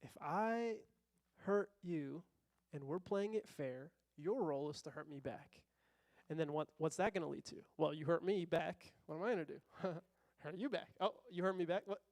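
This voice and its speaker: A man's voice: fairly high pitch, normal speed, vocal fry, darkish tone, dry recording. A young adult man preaching a sermon in a conversational way, asking rhetorical questions and acting out quotes. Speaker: pastor.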